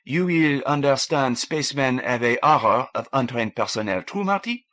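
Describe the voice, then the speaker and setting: A man's voice: mid-range voice, expressive, moderate pace, voice pushed up, close to an everyday voice. A man voicing a kind, formal woman spacer with a French accent, in a read audiobook. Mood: welcoming. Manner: gentle, old-fashioned courtesy.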